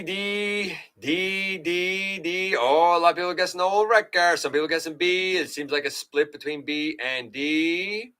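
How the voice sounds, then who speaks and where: Man, live stream host, casual chat, animated delivery, bright voice. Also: medium pitch. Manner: animated, chatty, quiz-master questions to viewers. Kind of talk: casual livestream chat reading viewer comments.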